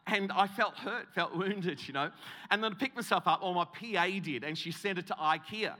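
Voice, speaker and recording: A man preaching, his voice high and bright. He tells a comic story about himself and stumbles into many restarts. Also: moderate pace. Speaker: guest preacher. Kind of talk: humorous sermon story.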